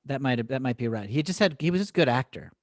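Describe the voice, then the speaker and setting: A man, an improv teacher guesting on a podcast, telling animated stories in casual chat and laughing often. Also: medium pitch, fast talker, dry recording, studio quality.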